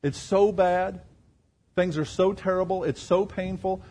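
A husky, slightly higher-pitched man preaching a sermon. He keeps asking the congregation rhetorical questions. His voice rises to loud emphasis, then drops to quiet, low asides. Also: fairly even intonation, unhurried. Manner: asks the crowd rhetorical questions; swings between loud emphasis and quiet lows. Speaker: pastor.

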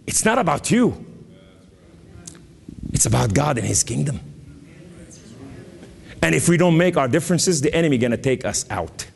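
A man from Lebanon preaching an emphatic testimony sermon with sudden rises and dramatic pauses. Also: mid-range voice, lively intonation, vocal fry, a little mellow, big-room sound. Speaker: guest preacher.

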